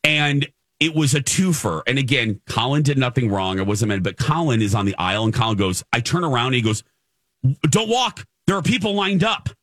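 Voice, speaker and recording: A man hosts a casual radio chat, telling a self-mocking story. His voice is bright and lively, jumping around in pitch as he acts out the quotes. The mic is close and dry. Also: brisk, dry recording. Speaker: radio show host.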